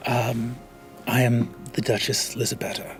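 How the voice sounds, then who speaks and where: A man voicing a flustered but gracious noble duchess, halting with many fillers. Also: mid-range voice, monotone, faint music behind, close to an everyday voice.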